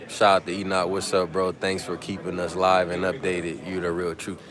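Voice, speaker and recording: A low-voiced man hosts a loose, slangy livestream on his phone and reads out viewers' shout-outs. Chatter from a busy room hums behind him. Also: level tone, moderate pace. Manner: laid-back slang, reads out viewer comments. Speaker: livestream host. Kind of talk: casual live chat with viewers. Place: press conference media room.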